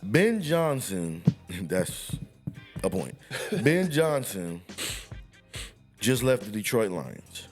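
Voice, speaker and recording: A man co-hosting a casual sports podcast, telling animated, profane stories and laughing often. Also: fairly low pitch, very slow, pauses often, faint music behind. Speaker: podcast co-host.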